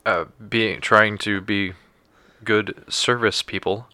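A man's voice: fairly low pitch, little pitch movement, slow, bright, forceful tone, dry recording. A man who is a guest co-host on a comedy podcast, chiming in with wisecracks. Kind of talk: casual comedic podcast chat.

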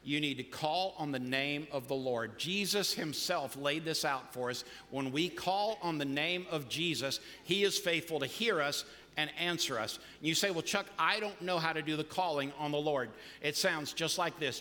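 A man's voice: on the high side, normal speed, pushed and bright. A man preaching a sermon as pastor of a church, building phrases up with emphatic punches. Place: church sanctuary. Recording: long reverb of a large hall.

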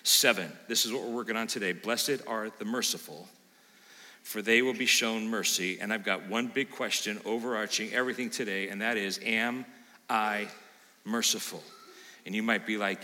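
A man's voice: on the low side, normal speed. A man preaching a sermon as pastor, talking straight to the congregation, quizzing them and acting out what they might say. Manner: animated, plays out imagined listener lines, quizzes the congregation. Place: church sanctuary. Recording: long hall reverb.

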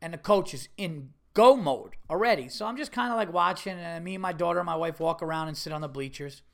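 A middle-aged man hosting a podcast, telling a story in a casual, animated and exasperated way, swearing freely. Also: a little high, fast talker, vocal fry. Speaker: podcast host.

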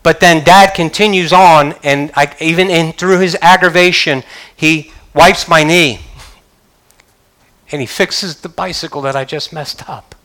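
A man's voice: fairly high pitch, steady tone, unhurried, sharp tone. An older man preaching a sermon as pastor, emphatic, with frequent hallelujahs. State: choked up.

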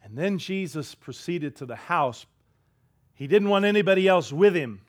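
High-voiced pastor preaching a dramatic sermon. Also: male voice, lively intonation, moderate pace. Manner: dramatic storytelling, drops to a hush for quoted words; leads the congregation in call-and-response.

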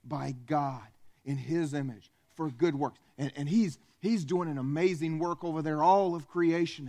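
A male pastor preaches in a church with a fairly high voice. He tells the story vividly and keeps speaking straight to the congregation. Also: a little slow, vocal fry, dark tone. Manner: storytelling, addresses the congregation directly. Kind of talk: sermon.

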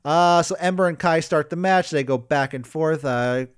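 In clean studio sound without room noise, a man speaks smoothly at a moderate pace. He's a wrestling podcast co-host whose match recaps are loose and animated, laced with swearing, jokes, and high, yelled impressions of wrestlers.

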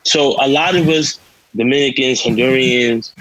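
A man's voice: medium pitch, moderate pace, a bit bright, dry recording, poor audio. A man co-hosting a podcast in earnest, reflective casual talk, asking rhetorical questions. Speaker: podcast co-host. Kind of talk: casual chat.

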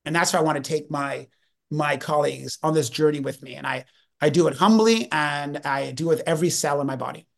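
A podcast guest in his fifties tells stories with energy, often breaking off and restarting his sentences. His voice is a little high, a little fast and creaky.

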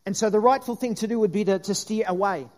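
A man's voice: high voice, quick pace. A man preaching a sermon in an earnest way, with frequent restarts and the aside "if you like".

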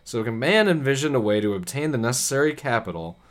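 A man's voice: medium pitch, animated, fast. A man co-hosting a casual chat, reading history notes aloud and riffing on them with occasional swearing. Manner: casual, swears, reads passages then riffs. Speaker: podcast co-host.

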